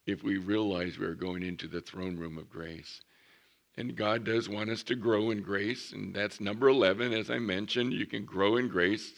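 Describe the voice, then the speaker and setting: A man preaching a sermon as pastor, reading scripture slowly and building to emphatic points. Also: on the low side, vocal fry. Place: church.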